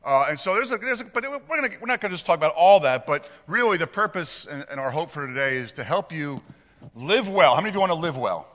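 A man's voice: fairly high pitch, expressive, quick pace, a bit bright. A male pastor preaching a sermon in a conversational way, asking the congregation questions and joking with them. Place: church hall with a congregation. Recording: reverberant hall.

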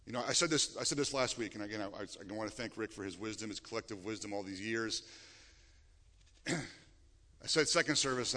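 Animated pastor in a reverberant hall. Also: male voice, mid-range voice. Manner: animated, rising to emphatic peaks, frequent restarts. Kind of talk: sermon. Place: church sanctuary. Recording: long reverb of a church hall.

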